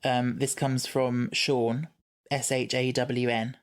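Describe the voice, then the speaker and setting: A man's voice: medium pitch, flat delivery, slow pace. Chatty man co-hosting a podcast. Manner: chatty, reads listener messages aloud. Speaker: podcast co-host. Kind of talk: casual podcast chat.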